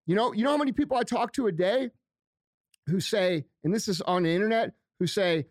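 A man's voice: sits high, brisk, no echo, studio quality. A man delivering a heated, profane rant on his own show, hammering his points by repeating them. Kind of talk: angry ranting monologue.

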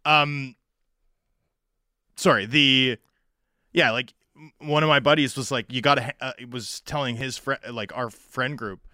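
A man's voice: medium pitch, measured pace, long pauses, bright, forceful tone, no room sound, clean studio sound. A man co-hosting a casual sports podcast, chatty, stumbling over restarts and fillers. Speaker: podcast co-host.

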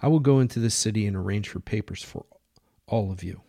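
A man voicing Mister Perkins, a dignified man who speaks in calm, measured sentences. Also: lowish voice, gravelly, no echo, studio quality. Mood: earnest. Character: Mister Perkins, a proud, steady American man.

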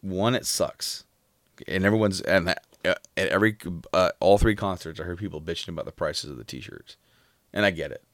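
A man's voice: sits low, moderate pace, a bit bright, no room sound, studio quality. A man in casual chat, recounting concert memories in a rambling way with many fillers.

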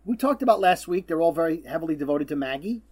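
A man co-hosting a casual podcast recaps a TV episode in a chatty way, his voice a little high, animated and fast. He acts out quotes from it with loud bursts.

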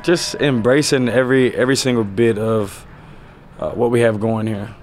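A man's voice: mid-range voice, normal speed, a little hiss or hum. Laid-back man fielding press questions. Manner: relaxed, loose, full of "you know" fillers. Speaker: pro football player at a press conference. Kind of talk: press conference answers. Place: press conference area.

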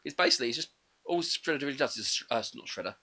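Fast, bright-voiced podcast co-host. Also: male voice, mid-range voice. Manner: quick, chatty, animated retelling. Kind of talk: casual film review chat.

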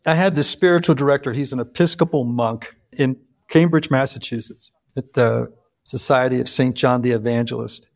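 A man in his fifties hosting a podcast interview, telling stories earnestly with lively emphasis. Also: mid-range voice, normal speed, creaky. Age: 50s. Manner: earnest, storytelling, animated emphasis. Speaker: podcast host. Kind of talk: casual interview chat.

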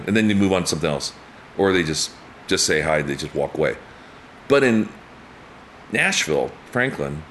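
A man's voice: brisk, long pauses, a little hiss or hum. A man in his fifties telling stories in a casual chat, acting out quotes and laughing often. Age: 50s. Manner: animated storyteller, acts out quotes with big pitch jumps, laughs often. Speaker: guest.

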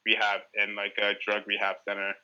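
A man's voice: fairly low pitch, completely flat delivery, brisk, clear, resonant tone, lo-fi sound. A man guesting on a podcast, telling a rambling, profane story in casual chat, full of "like" fillers.

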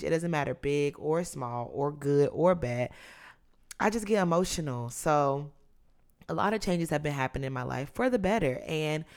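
Low-voiced young woman podcasting. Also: smooth. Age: 20s. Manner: chatty and candid, with drawn-out emphasis. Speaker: podcast host. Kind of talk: casual solo podcast chat.

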